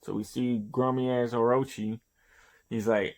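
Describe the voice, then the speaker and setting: Slow-talking profane manga reviewer, man. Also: medium pitch, level tone, darkish tone. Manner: profane, rambling play-by-play of panels. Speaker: host of a manga review show. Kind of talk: casual chapter review.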